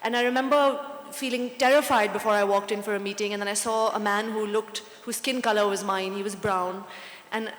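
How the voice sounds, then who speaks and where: A woman on a conference panel, telling lively stories and slipping into Hindi phrases. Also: mid-range voice, brisk. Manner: animated storytelling, mixing in Hindi. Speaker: panel author. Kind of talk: conversational panel talk. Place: conference hall. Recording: echoey hall with long reverb.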